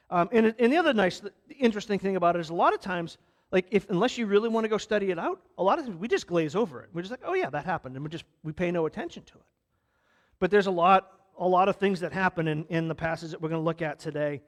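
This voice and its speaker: A male pastor delivers a conversational sermon, retelling stories, acting out the quotes, and restarting his sentences. His voice sits high.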